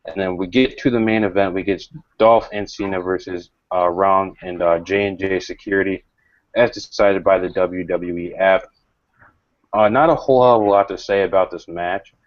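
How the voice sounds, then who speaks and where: A man hosting a casual panel review, talking calmly and critically with many fillers and pauses. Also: sits low, no echo. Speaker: show host. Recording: dry, dull lo-fi audio.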